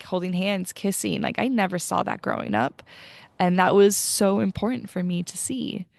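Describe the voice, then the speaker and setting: A woman's voice: mid-range voice, vocal fry, dry recording. A young woman hosting a podcast interview, chatty and emotional, with lots of fillers. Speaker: podcast host. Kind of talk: casual interview chat.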